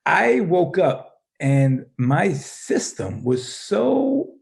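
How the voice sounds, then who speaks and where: Casual chatty guy, middle-aged, raspy fry in his voice, laughs through his story. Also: on the high side, sing-song, drawn-out words, few pauses, a little mellow. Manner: laughs often while telling his story, many restarts. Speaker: guest, middle school teacher and life coach. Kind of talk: casual podcast conversation.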